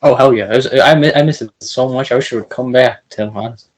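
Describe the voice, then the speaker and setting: A man's voice: medium pitch, fast talker, a little hiss or hum. A man hosting a podcast interview, eager and fan-like with his guest. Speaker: podcast host. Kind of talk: casual interview.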